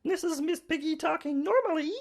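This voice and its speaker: A woman doing an impression of a vain diva pig puppet, with a high, gravelly, throaty voice. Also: fairly quick. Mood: coy.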